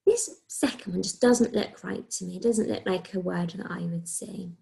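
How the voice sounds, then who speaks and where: A woman with an English accent, a primary school teacher giving a recorded phonics lesson to young children, speaking slowly and clearly as she sounds out letters. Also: lowish voice, warm tone. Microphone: recorded video lesson.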